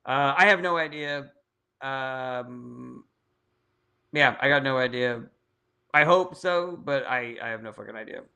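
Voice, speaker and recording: A man's voice: mid-range voice, a little slow, vocal fry, pauses often, bright, forceful tone, clear, resonant tone. A man hosting a casual livestream Q&A, answering viewer questions bluntly and swearing often. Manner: blunt, profane, reads viewer comments aloud. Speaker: political livestream host.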